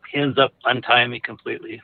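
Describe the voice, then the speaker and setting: A man's voice: medium pitch, fairly even intonation, fast talker, a little hiss or hum. A man casually telling a personal story, rambling with lots of fillers and restarts. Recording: narrow phone-like audio.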